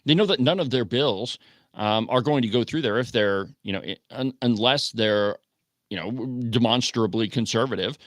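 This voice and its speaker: A man's voice: mid-range voice, normal speed, no echo, clean studio sound. A man hosting an opinionated political talk radio show, speaking emphatically and firing off rhetorical questions. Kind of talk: opinionated call-in radio commentary.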